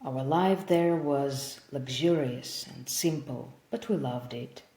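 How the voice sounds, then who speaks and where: A woman voicing a sad, gentle male vampire, centuries old, who speaks in a soft, measured, wistful way. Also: rumbling low, heavily acted. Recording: roomy echo.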